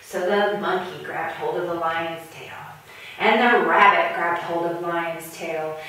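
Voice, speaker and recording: A woman telling a puppet story for toddlers in an animated, sing-song way, counting along with the tugs. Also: fairly low pitch, measured pace. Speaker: children's storyteller. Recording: echoey room, mic far off.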